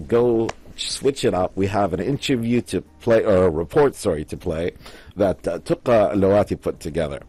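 A man hosting a casual radio show, chatting and running a listener quiz in a relaxed way. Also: on the low side. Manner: relaxed, chatty, counts down aloud.

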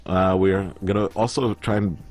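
A man's voice: low voice, steady tone, moderate pace, a little mellow. A man hosting a casual radio show, chatting, laughing easily and reading out listener messages. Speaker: radio host.

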